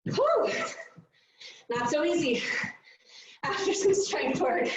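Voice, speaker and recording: A woman's voice: sits high, slow pace. A woman fitness coach calling out a workout with upbeat countdowns and whoops, out of breath from exercising along. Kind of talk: live workout instruction. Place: large fitness studio. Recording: echoey, distant, dull studio recording.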